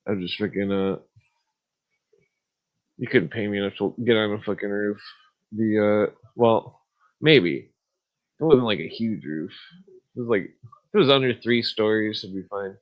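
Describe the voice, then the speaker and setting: A man's voice: fairly low pitch, a little slow, long pauses, muffled recording. Profane rambling man, podcast host. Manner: profane, meandering, laughs at own stories. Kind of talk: rambling casual monologue.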